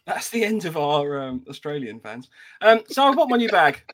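A man from England co-hosts a loose, jokey podcast with a somewhat high voice. He laughs easily, reads listener messages out loud and drifts between topics in a relaxed, chatty way. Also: moderate pace. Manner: laughs a lot, reads listener comments aloud. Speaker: podcast co-host. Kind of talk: casual podcast chat.

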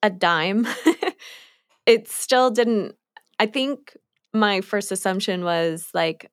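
Female podcast co-host, unhurried casual delivery, dry recording. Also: mid-range voice, clear, resonant tone, no room sound. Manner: chatty, many likes, frequent laughs. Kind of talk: casual chat discussing a cartoon episode.

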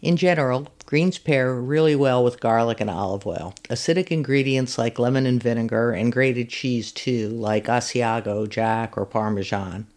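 A woman's voice: extremely low pitch, normal speed, few pauses, darkish tone. Master gardener lady walking you thru greens recipes, friendly and instructive, reads it off a script. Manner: friendly, instructive, recipe steps read at an easy pace. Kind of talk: scripted cooking and gardening segment.

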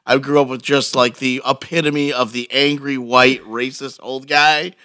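A man from Costa Rica in casual chat, telling stories with deadpan jokes. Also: mid-range voice, unhurried, clean tone, no room sound. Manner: deadpan joking.

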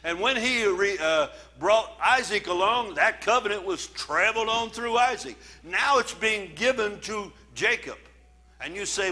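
High, bright-voiced male pastor preaching. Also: animated, measured pace. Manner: preaching with scripture readings, emphatic and conversational. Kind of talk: sermon.

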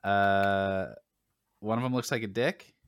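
A man hosting a casual gaming podcast, relaxed and joking, with lots of fillers. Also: lowish voice, slow, clear, resonant tone, no room sound, clean studio sound. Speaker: podcast host.

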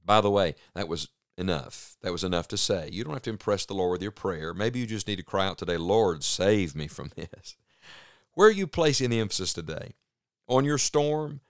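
A man preaching a sermon on the radio, earnest and emphatic, slowing down to stress key phrases. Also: on the low side, expressive, no echo, clean studio sound.

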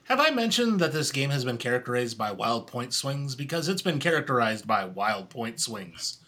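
A man's voice: mid-range voice, big pitch swings, normal speed, pushed and bright. A man co-hosting a trivia show who announces the scores with dry, wry humor. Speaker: guest co-host, scorekeeper.

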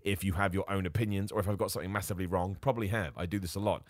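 A man hosting a solo wrestling podcast, talking in an excitable, self-mocking way and jumping between ideas. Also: low voice, rapid-fire, dry recording, studio quality. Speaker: podcast host.

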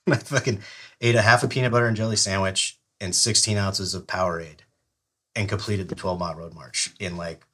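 A middle-aged former Army Ranger tells a long story on a podcast, profane and relaxed, often laughing. His voice is fairly low and husky with a sharp tone, delivered briskly with fairly even intonation.

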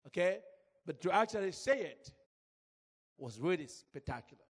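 High-voiced man preaching in a reverberant hall. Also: sing-song, moderate pace, slightly rough. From Zambia. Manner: emotional storytelling, calls out to congregation. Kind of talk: sermon.

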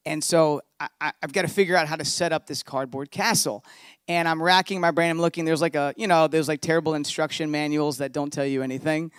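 Male pastor, thirties, slightly high voice, relaxed storytelling sermon. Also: brisk, clear, resonant tone, dry recording, clean studio sound.

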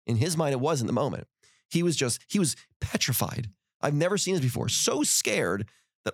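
Animated male storyteller, dry close sound. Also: on the high side, fast talker, no echo. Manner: animated, acts out dialogue in his stories. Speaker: podcast guest and author. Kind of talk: motivational storytelling.

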